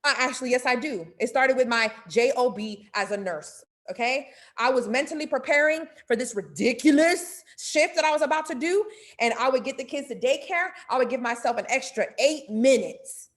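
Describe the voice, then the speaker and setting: This is a woman leading a motivational mentorship talk. Her voice sits a little high, and her delivery is animated and casual. She speaks straight to her listeners. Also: moderate pace. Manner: animated and playful, acting out inner dialogue; casual, direct, addresses listeners.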